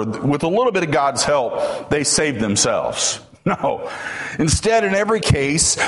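A man's voice: a little high, fairly bright tone. A man preaching a sermon as a pastor, telling stories and building to emphatic points.

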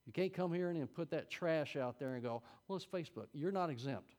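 A middle-aged man teaching a Sunday school class, preaching in a folksy, conversational way with sudden loud peaks. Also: a little high, a little fast. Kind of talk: sermon.

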